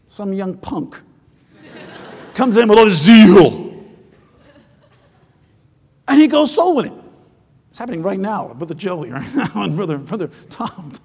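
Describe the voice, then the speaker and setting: A man delivers a sermon in a high, gravelly, husky voice that rings through a long-reverberating hall. He is animated, tells stories with loose restarts, and acts out the voices of the people in them. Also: a little slow, long pauses. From foreign-born, living in southern China. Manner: animated, acts out quoted voices, shouts at peaks; rambling, with frequent restarts in anecdotes. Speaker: preacher.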